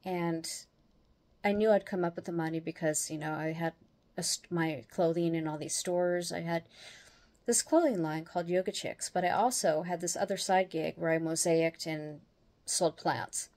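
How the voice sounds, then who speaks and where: A woman hosting her own show, telling a personal story in a casual, animated way and laughing as she goes. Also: on the low side, normal speed. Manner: animated, acts out the other people's lines as she retells them; laughs often while telling. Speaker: host.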